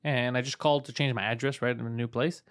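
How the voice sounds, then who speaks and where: A man co-hosting a podcast, telling a story in a casual, profane, animated way and putting on voices for the people in it. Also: mid-range voice, fast. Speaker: podcast co-host. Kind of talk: casual chat.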